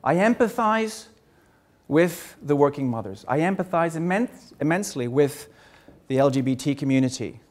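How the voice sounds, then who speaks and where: A man in his sixties from Germany, giving a personal talk on a stage, earnest and measured, often repeating words. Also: a little high, expressive, a little mellow. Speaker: speaker.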